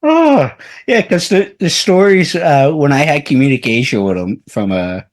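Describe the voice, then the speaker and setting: A man's voice: a little high, sing-song, moderate pace. A man hosting a radio interview, chatting casually and rambling through his questions. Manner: rambling, full of fillers and restarts. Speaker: radio show host.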